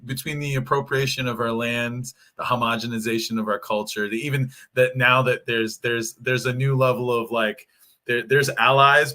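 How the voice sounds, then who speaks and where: A man's voice: mid-range voice, pushed and bright. A man from Hawaii with a Hawaiian Pidgin accent, speaking candidly and emphatically on a panel, often restarting his sentences.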